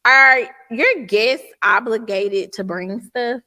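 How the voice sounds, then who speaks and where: A woman's voice: fairly high pitch, takes it slowly, pushed and bright. A young woman, co-hosting a podcast in frank, agreeable casual chat. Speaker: podcast co-host.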